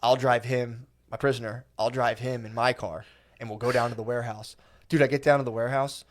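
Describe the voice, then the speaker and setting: Fast-talking profane man telling a story. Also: medium pitch. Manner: profane, animated, acts out quotes. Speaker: podcast guest. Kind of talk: casual comedic storytelling.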